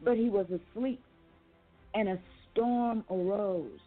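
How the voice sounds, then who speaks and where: Woman preaching, slow and emphatic, repeats her lines, tinny phone sound w/ faint music behind. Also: mid-range voice. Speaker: preacher and author. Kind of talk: sermon.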